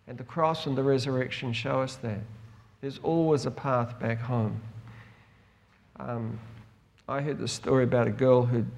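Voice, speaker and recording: Older male preacher, storytelling sermon, voice lifts with emotion. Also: medium pitch. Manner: storytelling, rising with emotion in quoted dialogue.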